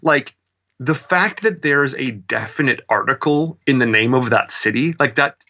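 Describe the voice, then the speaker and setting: A man's voice: mid-range voice, normal speed, highs cut off. A man in his forties with a Midwestern accent, telling stories as an interview guest in a chatty, self-mocking way. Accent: Midwestern American. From American Midwest. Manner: chatty, animated, self-mocking with many fillers. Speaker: interview guest, drag performer. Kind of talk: casual storytelling interview.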